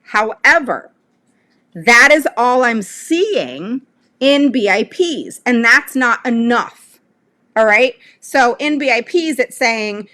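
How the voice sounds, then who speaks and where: Bright-voiced middle-aged woman giving parents advice. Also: on the high side, lively intonation, slow. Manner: conversational, often checks in with "all right?". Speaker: parent advocate. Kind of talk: casual advice talk to parents.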